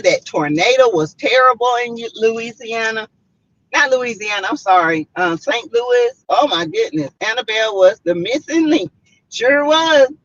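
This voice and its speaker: A woman's voice: on the high side, a bit bright. A woman with a Southern US accent hosting a casual live stream, chatty and full of "mm-mm" and "y'all" asides to her viewers. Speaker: livestream host. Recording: slightly muffled lo-fi stream audio.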